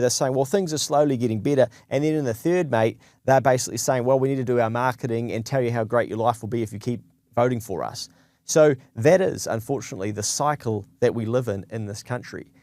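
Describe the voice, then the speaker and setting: A man's voice: medium pitch, darkish tone, no room sound. A man with a New Zealand accent giving business advice straight to camera, talking in a conversational way and acting out quoted voices. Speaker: business advisor.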